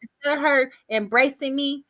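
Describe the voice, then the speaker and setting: A woman guest on a video-call podcast tells her life story in a casual, animated way, acting out what other people said. Her voice is high-pitched and her pace moderate.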